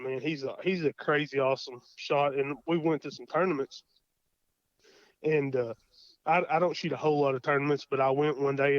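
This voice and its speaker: A man's voice: on the high side, no room sound. Folksy Oklahoma man telling a hunting story. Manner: folksy, animated, lots of quoted self-talk. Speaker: guest hunter. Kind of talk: storytelling in a casual interview. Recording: muffled dry podcast audio.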